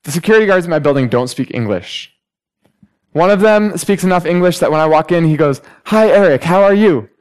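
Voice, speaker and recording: A young man delivers a sermon in a smooth, clear voice that sits a little high for a man. He mixes teaching with personal stories and acts out everyday conversations with animated energy. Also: a little fast, poor audio. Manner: storytelling, animated when acting out conversations. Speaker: preacher.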